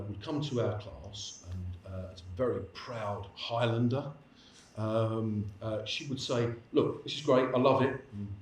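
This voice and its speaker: A man's voice: on the low side, a little hiss or hum. Guy lecturing, rambling friendly stories, lots of restarts, echoey hall, mic kinda far. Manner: chatty, anecdotal, many restarts. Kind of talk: lecture Q&A answer.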